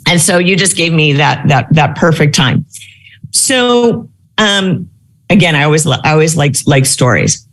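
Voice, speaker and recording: A woman in her fifties speaks in a fairly low voice that rises and falls a great deal. She coaches a live audience on careers, telling stories and rephrasing as she goes. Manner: storytelling, animated with many fillers. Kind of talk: live Q&A talk.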